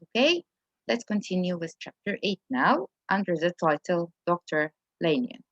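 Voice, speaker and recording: A woman's voice: lowish voice, sing-song, normal speed, no echo, dull audio. A woman English teacher explaining a story to students in a friendly, explanatory way, often asking rhetorical questions.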